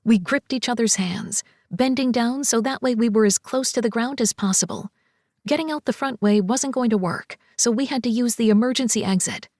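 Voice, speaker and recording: Female first-person audiobook narrator, slightly high voice, expressive; dry close studio sound. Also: normal speed, no echo.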